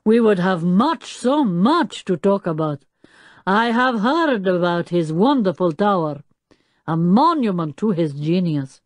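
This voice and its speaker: A woman voicing a cunning, smooth-talking foreign man who flatters with a foreign-sounding manner. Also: on the low side, measured pace, no room sound, clean studio sound. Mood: flattering.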